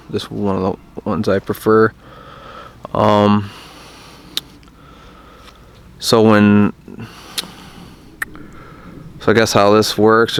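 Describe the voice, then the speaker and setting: A man's voice: fairly low pitch, creaky, smooth. A man casually explaining a hunting call outdoors, plainspoken and self-deprecating. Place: outdoors in bright sun.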